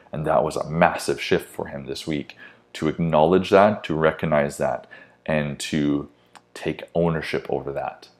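A man coaching clients, giving an intense, blunt motivational talk and swearing casually. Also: a bass voice. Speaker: fitness coach.

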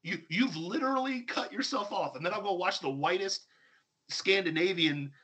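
A man's voice: high voice, moderate pace, sharp tone, slightly rough. A man hosting a talk show, ranting sarcastically and with heavy emphasis. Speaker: podcast host. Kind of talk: heated opinion talk.

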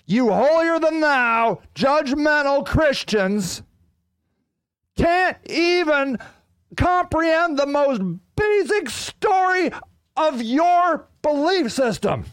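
A man hosting his own podcast, ranting in a profane, fiery way that swings from loud outbursts to low, muttered growls. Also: takes it slowly, no echo. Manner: animated, ranting. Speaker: podcast host. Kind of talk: solo podcast rant.

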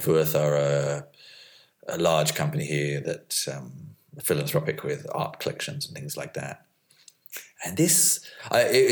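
A middle-aged man, talking casually in a reflective, hesitant monologue full of restarts. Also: extremely low pitch. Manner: hesitant, thinks aloud with restarts and fillers. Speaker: vlogger.

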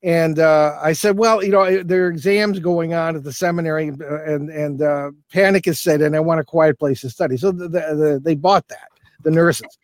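An older man talks through a strange experience, circling back with fillers and restarts as he goes. His voice sits a little high. The sound is dry and close. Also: fairly even intonation, normal speed, no room sound. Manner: rambling, many fillers and restarts. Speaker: paranormal investigator guest. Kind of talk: storytelling in an interview.

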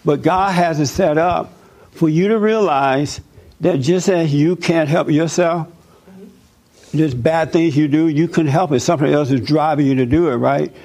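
A man's voice: fairly high pitch, moderate pace, a little mellow. A man preaching and answering audience questions, stressing points by repeating words over and over. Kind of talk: sermon-style Q&A answers.

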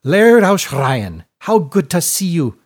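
A man's voice: a little high, sing-song, moderate pace, darkish tone, pitched above the performer's own voice. A man voicing a plump, cheerful older widow who runs a school, gushing and rolling her R's. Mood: effusive.

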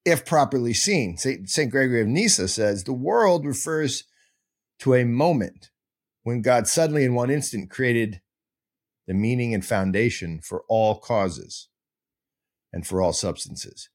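A man hosts a podcast and talks through heavy ideas slowly and deliberately. His pitch swings widely and animatedly. He is playful, digressive and self-mocking, and he happily adds goofy sound effects. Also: expressive. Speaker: podcast host. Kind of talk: casual teaching monologue.

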